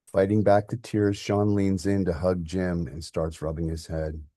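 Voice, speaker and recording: Husky low-voiced man reading a story. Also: flat delivery, measured pace, no echo, clean studio sound. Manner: quiet, heartfelt. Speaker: podcast host and author. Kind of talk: reading a short story aloud.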